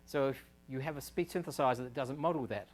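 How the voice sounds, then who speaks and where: A man's voice: medium pitch, quick pace. Man giving a technical lecture. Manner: explanatory, thinking aloud with fillers and restarts. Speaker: research scientist giving a technical talk. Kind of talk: university lecture. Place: lecture room.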